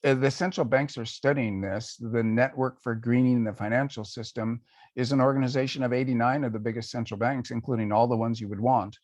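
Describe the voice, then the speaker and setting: An older man, a guest author, answering questions in a conversational panel talk, measured and thoughtful with pauses and fillers. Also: medium pitch, fairly even intonation, a little mellow, no room sound.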